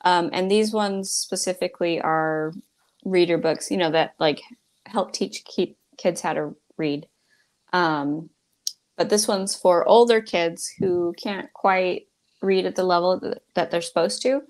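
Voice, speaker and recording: A woman's voice: on the low side, measured pace, darkish tone. A young woman, a children's book illustrator, chatting casually and laughing easily between her thoughts. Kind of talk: casual bookstore video chat.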